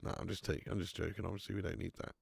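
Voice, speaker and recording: A man's voice: low-pitched, level tone, rapid-fire, vocal fry, slightly rough, dry recording, studio quality. A man hosting a live football watch-along, chatting casually, bantering with viewers and swearing now and then.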